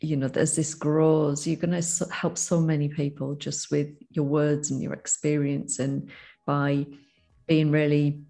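A woman's voice: deep voice, little pitch movement, vocal fry, soft background music. A woman hosting a podcast who talks in an encouraging way, often restarting her sentences. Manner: warm and encouraging, with halting restarts. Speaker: podcast host. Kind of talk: casual chat.

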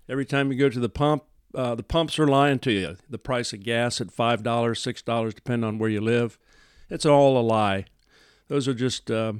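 A man's voice: medium pitch, clear, resonant tone, no room sound, studio quality. Folksy, emphatic man hosting a podcast. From American Midwest. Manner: folksy, emphatic, frequent "uh" fillers. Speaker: podcast host. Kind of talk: news commentary podcast.

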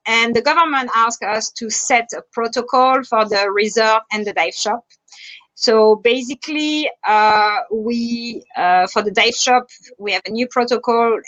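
A woman's voice: a little high, a bit bright, muffled recording. A woman with a French accent, a dive instructor and resort manager, answering interview questions with lots of hesitant fillers. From France. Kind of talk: online interview.

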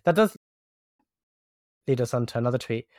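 A man's voice: mid-range voice, animated, moderate pace, darkish tone, no room sound, clean studio sound. A young man, a doctor, chatting casually on a podcast, jokey and hesitant with frequent restarts.

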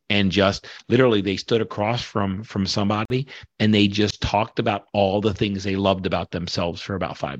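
A man's voice: fairly low pitch, no echo, highs cut off. A man in his forties, a podcast guest, talking passionately and a bit preachy about self-worth. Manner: passionate, preachy, casual swearing. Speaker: guest, workshop leader. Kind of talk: motivational podcast conversation.

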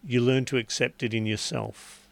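A man giving relationship advice in casual radio chat, a chatty storyteller who acts out quotes in lively voices. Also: mid-range voice, moderate pace, creaky, no room sound. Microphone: studio microphone.

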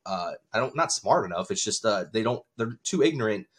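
A man's voice: on the low side, lively intonation, fairly quick, husky. A man hosting a podcast in casual chat, talking bluntly, swearing freely and rambling with restarts. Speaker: podcast host.

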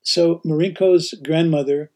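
A man hosting a podcast and teaching, telling anecdotes in casual chat, animated and often laughing. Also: a little high, measured pace. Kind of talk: casual storytelling.

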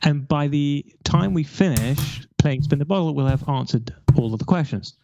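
A man's voice: on the high side, moderate pace, creaky, highs cut off, background noise. A man in his forties from London, telling his life story candidly over a remote call, rambling with restarts. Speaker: guest.

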